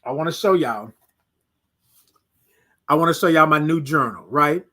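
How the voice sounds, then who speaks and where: Casting note: male host with a high voice, motivational morning livestream, repetitive and preachy. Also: lively intonation, moderate pace. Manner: reads out viewer comments, preachy and repetitive; swings between soft hushed words and loud emphatic bursts.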